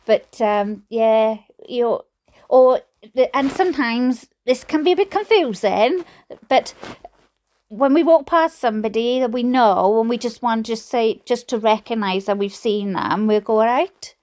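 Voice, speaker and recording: A woman's voice: a little high, measured pace, darkish tone. A Welsh woman reading a book aloud and breaking off for chatty, giggly asides about her own memories. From Wales. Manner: giggly, often breaks into laughter. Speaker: reader and streamer.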